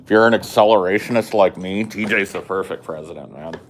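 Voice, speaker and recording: A man's voice: low-pitched, brisk, a little hiss or hum. A man hosting a casual streamed podcast chat, talking bluntly and swearing a lot. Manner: profane, blunt, opinionated. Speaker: podcast host.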